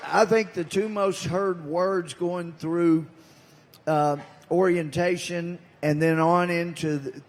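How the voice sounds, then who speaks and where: Older Southern-accented congressman addressing a crowd, folksy storyteller who hits his punchlines hard, slightly high voice, lingering hall echo. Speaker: congressman giving a speech. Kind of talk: speech to a live audience. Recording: long hall reverb.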